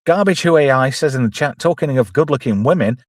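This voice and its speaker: A man's voice: mid-range voice, animated, a little fast, dry recording. Chatty man, dry close mic. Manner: chatty, jokey, quotes characters in put-on voices. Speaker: host. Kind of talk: casual movie commentary with live chat.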